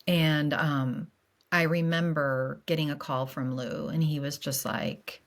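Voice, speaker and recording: A middle-aged woman talks candidly about grief as a podcast guest. Her voice sits a little low, and she speaks in halting bursts full of fillers and restarts. She sounds earnest and emotionally open. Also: fairly even intonation.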